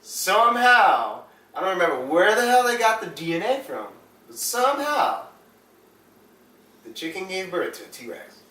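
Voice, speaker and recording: A man's voice: high-pitched, very animated, quick pace, hardly any pauses, a bit bright. A young man in casual chat with a friend, joking around and interrupting. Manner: joking, interrupts, sings snatches of songs. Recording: echoey room, mic from a distance, faint noise.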